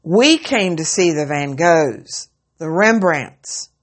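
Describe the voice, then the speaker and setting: An impatient wealthy collector complains with slow, heavy emphasis, as a woman reads him in a story. His voice sits low and drags out each demand. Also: expressive, full character voice. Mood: annoyed.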